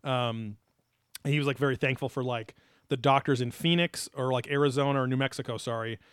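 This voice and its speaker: A man's voice: medium pitch, brisk, clear, resonant tone, no echo, studio quality. A man co-hosting a podcast, telling rambling, profane stories in casual chat. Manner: profane, rambling, animated storytelling. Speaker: podcast co-host.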